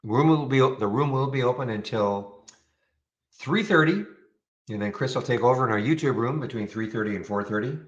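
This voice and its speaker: A man's voice: mid-range voice, animated, brisk. A man hosting a live day-trading room, chatting casually and thinking aloud, often restarting his sentences. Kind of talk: casual live-stream commentary. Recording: slightly dull lo-fi sound.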